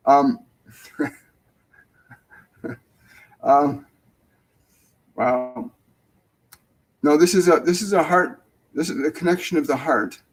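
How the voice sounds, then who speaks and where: A man hosting a live mediumship show, relaying messages gently and hesitantly, with many fillers and restarts. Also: fairly high pitch, slow, pauses often, poor audio. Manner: soft, dropping almost to a whisper when relaying tender messages. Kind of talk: casual live mediumship reading.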